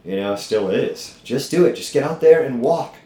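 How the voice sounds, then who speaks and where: A man's voice: mid-range voice, lively intonation, normal speed, mellow. A middle-aged man hosting a podcast as a gym owner, talking bluntly and profanely in a fired-up motivational way. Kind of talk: casual podcast chat. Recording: echoey room.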